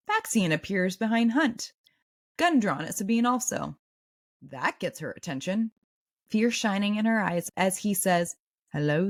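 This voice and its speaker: A woman hosting a podcast, reading a book recap and breaking into excited asides. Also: mid-range voice. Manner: animated, swings between reading and excited reactions. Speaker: podcast host.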